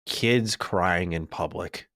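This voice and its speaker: A man's voice: low-pitched, slow, no echo, clean studio sound. A young man co-hosting a podcast, telling rants and stories in casual chat and swearing freely. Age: young adult. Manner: animated ranting storyteller, swears freely. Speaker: podcast co-host.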